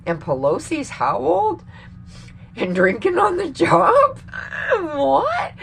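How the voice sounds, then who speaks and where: A woman's voice: high-pitched, huge pitch swings, slow, gravelly, a bit bright, a little hiss or hum. A woman vlogger talking casually to her viewers in a rambling, profane way, laughing often. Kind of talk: casual opinion rant to camera.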